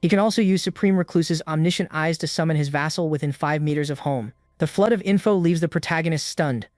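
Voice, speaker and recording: A man narrating a comic story recap in a steady, even storytelling manner, recorded close to the mic. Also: on the high side, fast, no echo.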